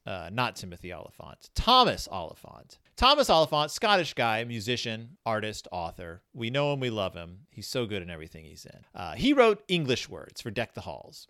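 A man hosts a podcast in loose, casual chat, rambling from point to point and poking fun at himself. His pitch swings up and down as he talks, with lots of fillers and restarts. The sound is dry and close, with no room around it. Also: huge pitch swings, normal speed, few pauses, bright, forceful tone, dry recording. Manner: rambling, self-deprecating, with many fillers and restarts. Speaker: podcast host.

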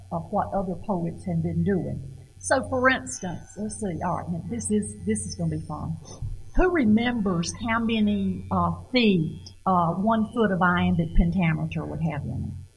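Slow, husky-voiced woman lecturing. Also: medium pitch, low-quality recording. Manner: halting, repeats words, asks the audience questions. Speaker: lecturer on poetry. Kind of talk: informal lecture to an audience.

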